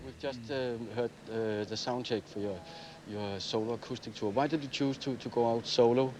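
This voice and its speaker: A male interviewer asking halting questions with many "uh" fillers. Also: medium pitch, steady tone, over music.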